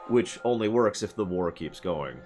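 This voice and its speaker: A man's voice: deep voice, animated, normal speed, darkish tone. A man casually commenting on his game for his stream viewers, rambling and sarcastic, and sometimes laughing. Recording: music playing behind.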